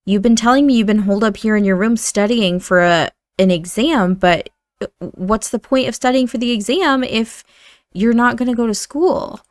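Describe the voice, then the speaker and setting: A woman's voice: on the high side, normal speed, no room sound, close to an everyday voice. A woman voicing a worried young woman who is trying to look after her brother, speaking earnestly and pleadingly. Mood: stern.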